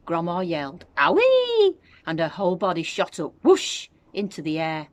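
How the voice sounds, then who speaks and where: Low-voiced woman reading a storybook. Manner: expressive storytelling. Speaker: infant school teacher. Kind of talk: reading a children's book aloud.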